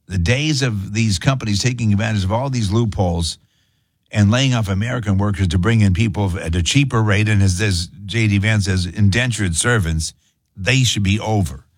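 A man's voice: fairly low pitch, dry recording, studio quality. A man hosting a talk radio show, speaking emphatically with rhetorical questions.

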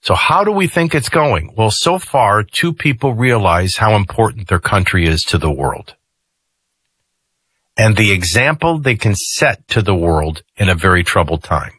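Husky, forceful male radio host. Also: fairly low pitch, expressive, a little slow, dry recording. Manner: conversational, jokey asides. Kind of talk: talk radio commentary. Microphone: studio mic.

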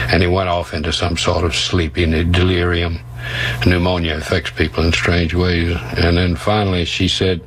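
Deep, flat-voiced older historian. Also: male voice, a little hiss or hum, rough recording. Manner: slow, thoughtful, many "uh" pauses. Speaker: historian interviewed in documentary. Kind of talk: unhurried storytelling.

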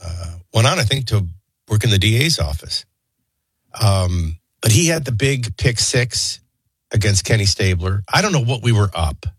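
A man hosting a talk show, rambling through childhood anecdotes and a quick sports rundown. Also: lowish voice, expressive, breathy edge, no room sound. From New Orleans area. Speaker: talk radio host. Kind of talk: casual storytelling and sports rundown.

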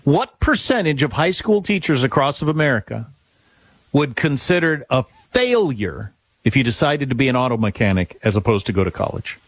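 A man's voice: medium pitch, sing-song, moderate pace, dry recording. A man co-hosting talk radio in casual chat, blunt and opinionated.

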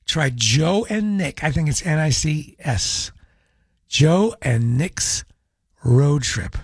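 A man's voice: on the high side, husky, no room sound, studio quality. A man hosting a radio talk show, chatting in a wry, opinionated monologue.

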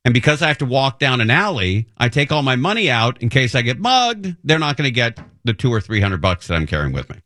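Animated man hosting talk radio. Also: medium pitch, a little fast, hardly any pauses. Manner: animated, rambling, self-deprecating. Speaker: radio talk show host. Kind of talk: casual monologue storytelling. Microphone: studio microphone.

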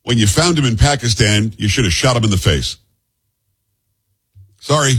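A man's voice: mid-range voice, animated, moderate pace, fairly bright tone, breathy edge. A man hosting a talk show, giving blunt, heated commentary on the news and sometimes stumbling over names. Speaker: host.

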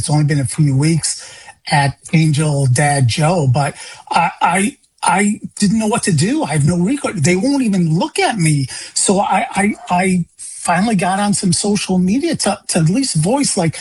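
A middle-aged man from Illinois, grieving and emotional, who speaks haltingly and stammers, with a hoarse, rough voice. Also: sits high, lively intonation, a little mellow. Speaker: caller guest.

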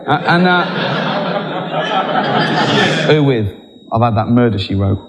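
A man's voice: mid-range voice, normal speed, long pauses, heavy background noise. A man doing a rambling stand-up routine, often breaking into laughter. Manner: giggly, rambling. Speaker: stand-up comedian. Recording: live in a large hall with an audience.

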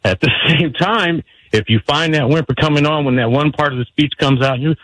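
A man's voice: medium pitch, animated, a little fast, a bit bright, dry recording, rough recording. A man calling in to a radio show, giving folksy, earnest advice. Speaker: radio caller. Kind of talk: phone-in advice.

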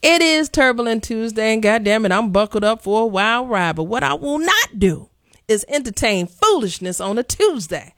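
A woman's voice: on the high side, big pitch swings, moderate pace, fairly bright tone, dry recording, studio quality. A woman hosting a call-in talk radio show, blunt and sassy, pressing her callers hard.

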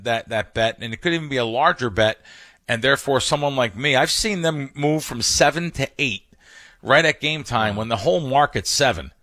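A man with a bright, forceful voice talks through betting like a seasoned pro on a podcast. He stumbles and restarts mid-sentence, then drives his points home with emphatic stories. The recording is dry and close, with no room sound. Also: medium pitch, no room sound. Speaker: professional sports bettor, guest. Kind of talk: casual podcast conversation.

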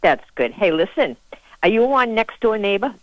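A woman's voice: medium pitch, sing-song, moderate pace, no echo, dull audio. A woman with a Boston accent calls in to a radio talk show. She is chatty and indignant, running through stories at length. Her voice is close and dry. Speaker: caller. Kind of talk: call-in radio chat.

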